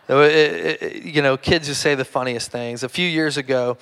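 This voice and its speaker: A middle-aged man with a Kentucky accent preaching a conversational sermon to a congregation, chatty and self-deprecating, with frequent restarts and a hushed tone when he prays. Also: fairly high pitch, steady tone, unhurried, creaky, clear, resonant tone. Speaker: pastor. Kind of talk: conversational sermon with humorous stories. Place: church service before a live congregation.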